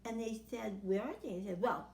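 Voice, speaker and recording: A man's voice: high voice, fairly quick, vocal fry, reverberant, a little hiss or hum. A woman voicing a greedy, boastful young male worm in a told story.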